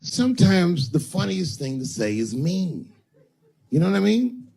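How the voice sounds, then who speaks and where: Doing stand-up, a man tells stories conversationally and acts out the other people in them. His voice is high and very animated yet unhurried, mellow with vocal fry and a breathy edge. The venue is roomy, with long reverb and noise.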